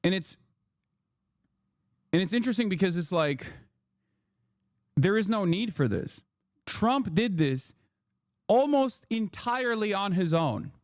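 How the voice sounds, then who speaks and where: A man's voice: high-pitched, animated, unhurried, long pauses, dry recording, studio quality. Profane sarcastic man streamer. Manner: profane, sarcastic, mocking voices in his quotes. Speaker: streamer commenting on news. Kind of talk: casual political commentary.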